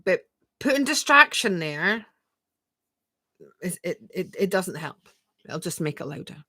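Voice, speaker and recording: A woman gives a spiritual coaching talk on a live stream, talking to viewers and answering their comments. Her voice is bright and sits fairly low, with a dry, close sound. She repeats phrases gently and leans on rhetorical questions. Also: very animated, a little slow, dry recording. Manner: reads viewer comments aloud and answers them.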